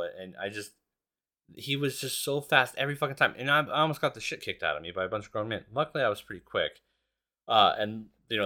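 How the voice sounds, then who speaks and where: A man's voice: medium pitch, bright, forceful tone. A man hosting a podcast, telling a long story in a casual, rambling and profane way. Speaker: podcast host.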